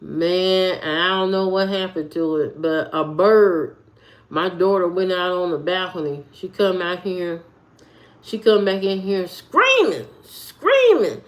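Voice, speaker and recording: Woman live streamer, lowish voice, casual rambling home chat with viewers. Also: steady tone, unhurried. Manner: rambling, loose and talkative, with frequent fillers and repeats. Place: at home, indoors.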